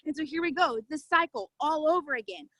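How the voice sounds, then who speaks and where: A woman's voice: high voice, brisk, pushed and bright, dry recording, rough recording. A woman telling her own story in an emphatic, fervent way on a video call. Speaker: network marketing distributor. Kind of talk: testimonial talk on a video call.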